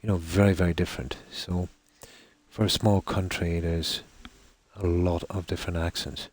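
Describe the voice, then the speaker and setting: A man's voice: low voice, flat delivery, normal speed, husky. A man from Ireland with an Irish Midlands accent, chatting casually with viewers while he plays, rambling with many fillers. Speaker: streamer.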